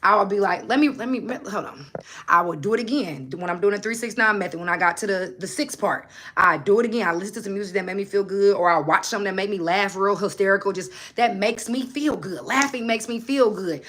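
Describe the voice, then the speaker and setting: A woman hosts a relaxed motivational livestream, her bright, forward, medium-pitched voice moving fast with hardly any pauses. Her delivery is animated and preachy, and she keeps firing pointed questions at viewers. A little hiss or hum is audible.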